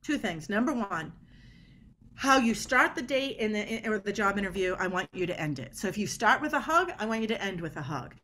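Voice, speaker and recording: A woman guest on a podcast explaining body language in an energetic, emphatic way. She often acts out little quoted dialogues as she makes her points. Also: medium pitch, brisk. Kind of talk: animated podcast conversation.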